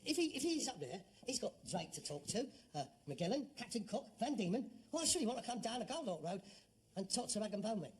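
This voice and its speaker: A man's voice: sits high, sing-song, fast talker, husky, full character voice. A middle-aged man with a London Cockney accent, acting a grown son in a sitcom, sarcastic and exasperated. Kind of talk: 1970s British sitcom acting.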